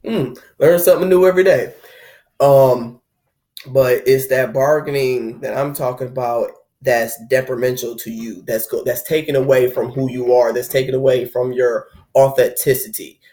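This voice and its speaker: With a warm, mid-range voice, flat delivery and moderate pace, a young man hosts a spiritual talk about heartbreak. He keeps it loose and conversational, playing out what people tell themselves while they're hurting.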